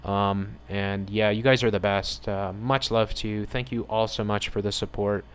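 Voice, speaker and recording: A man with a slightly low voice delivers a heated commentary on the news. He reads headlines aloud and answers them with sarcasm and open indignation. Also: flat delivery, normal speed, a bit bright, clean tone. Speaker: channel host.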